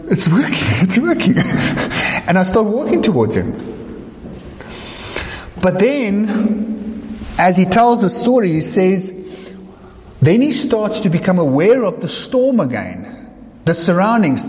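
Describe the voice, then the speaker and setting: A man preaching a sermon, telling the story with animated acting-out of scenes. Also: sits high. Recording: echoey hall reverb.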